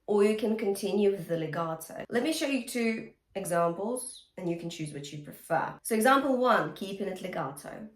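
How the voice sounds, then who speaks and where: A woman's voice: medium pitch, animated, normal speed, hardly any pauses, roomy sound. A woman teaching a singing lesson, explaining technique and singing short demonstration lines, often checking in with the listener. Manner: encouraging, checks in with okay and all right. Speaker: vocal coach.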